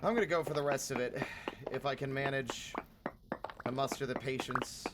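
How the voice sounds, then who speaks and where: A livestreaming gamer who rambles along casually, dropping swears and chatting to viewers mid-game. The voice sits at a middling pitch. Heavy noise runs loud behind the streaming mic. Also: normal speed. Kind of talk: casual live stream chat.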